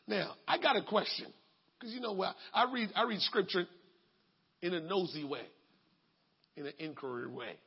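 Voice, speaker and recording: A man preaching a sermon in a colloquial, emphatic way, bursting into shouts. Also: sits high, expressive, normal speed, creaky, pauses often, husky, dull audio.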